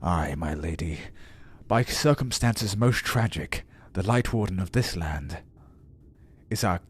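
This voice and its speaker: Solemn Scottish elder, voiced by a male streamer: very low, husky, slow. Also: lively intonation, heavily acted. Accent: put-on Scottish. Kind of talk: reading game dialogue aloud on stream.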